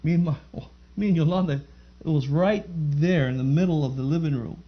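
A man's voice: fairly high pitch, a little fast. A man giving a fervent church testimony, telling his story and rising into emphatic praise before a live gathering. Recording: muffled lo-fi recording.

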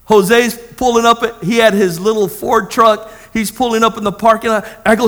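A man preaching, telling a personal testimony as a lively story and acting out the voices of the people in it. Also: very high-pitched, normal speed, in a large hall. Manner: animated storytelling, acts out voices. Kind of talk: sermon testimony.

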